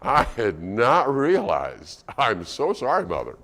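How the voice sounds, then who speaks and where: A man's voice: mid-range voice, wildly swooping pitch, slow, a bit bright, heavily acted. A man voicing an overly polite little boy, speaking in an exaggerated, mock-formal way. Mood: prim.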